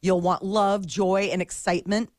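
A woman's voice: mid-range voice, flat delivery, moderate pace, darkish tone, dry recording, studio quality. A woman co-hosting a radio show, chatting casually with many fillers and easy giggles. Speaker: radio co-host. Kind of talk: casual morning radio chat.

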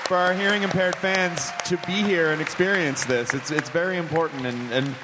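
An American man hosting a live podcast, joking and animated, often restarting his sentences. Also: a little high, normal speed, over a noisy crowd. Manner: animated, jokey, stammering restarts. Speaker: podcast host. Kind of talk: casual live podcast chat. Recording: theater stage mic with hall reverb and noise.

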